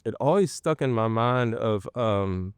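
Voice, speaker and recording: A man telling his personal faith testimony in an interview, earnest and halting, with many pauses and restarts. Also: fairly low pitch, expressive, clear, resonant tone, no room sound, studio quality. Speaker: guest sharing a personal testimony.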